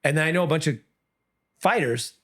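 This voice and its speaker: A middle-aged man, an MMA coach and former comedian, chatting on a podcast, telling animated stories and breaking into loud, high quoted voices. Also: fairly quick. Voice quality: often breaks off and restarts sentences. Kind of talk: casual podcast chat.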